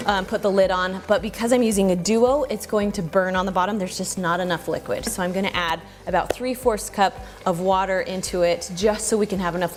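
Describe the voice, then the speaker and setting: A woman hosting a casual home cooking tutorial, chatty and relaxed, thinking aloud as she cooks in her kitchen. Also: medium pitch. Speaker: cooking channel host.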